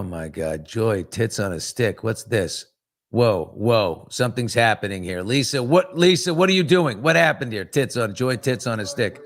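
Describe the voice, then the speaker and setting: A middle-aged man hosting a live morning chat show, talking loosely and candidly with viewers and rambling through stories with restarts. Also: on the low side. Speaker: talk show host.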